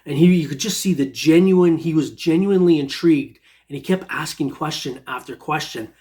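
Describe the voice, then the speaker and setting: A man's voice: fairly high pitch, fairly quick, dark tone. A man casually telling a long personal story, rambling with many restarts. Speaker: metal detecting storyteller.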